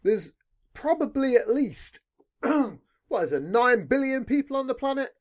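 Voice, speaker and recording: A podcast host rambles loosely, a little slowly, on his own show, his pitch bouncing all over. He's lively, swears in nearly every sentence, and keeps looping back on his thoughts in an easygoing, unscripted chat between friends.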